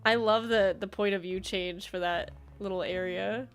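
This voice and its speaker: A woman's voice: mid-range voice, steady tone, normal speed, faint music behind. Giggly woman narrating gameplay. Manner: giggly asides. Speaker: gameplay streamer. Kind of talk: casual gameplay commentary.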